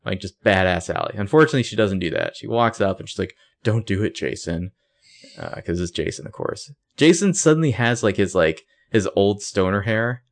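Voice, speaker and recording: A man's voice: lowish voice, expressive, a little fast, gravelly, few pauses. Chatty sarcastic man recapping a show. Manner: chatty, sarcastic, acts out quoted lines. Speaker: podcast co-host recapping a TV episode. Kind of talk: casual chat.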